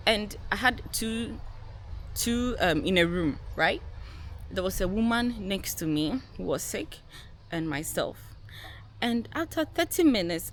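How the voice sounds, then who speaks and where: A young woman vlogger telling a personal story to her viewers in a casual, animated way, laughing often and acting out what people said. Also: on the low side, measured pace, a little hiss or hum. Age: young adult. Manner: animated, laughing, acts out quotes.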